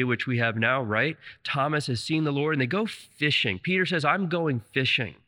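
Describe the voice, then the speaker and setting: A man's voice: medium pitch, bright, forceful tone, long reverb tail. A man preaching a sermon, retelling scripture stories with fervent enthusiasm.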